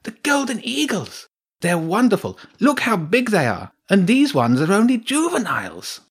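A man putting on a high, hushed excitable boy. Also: normal speed, breathy edge, heavily acted. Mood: awed. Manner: hushed eager whisper. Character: excitable young boy who loves birds.

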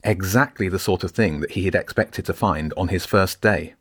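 Author-narrator, deep male voice, measured audiobook read, dry close sound. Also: slightly rough, no echo. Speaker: author reading own book.

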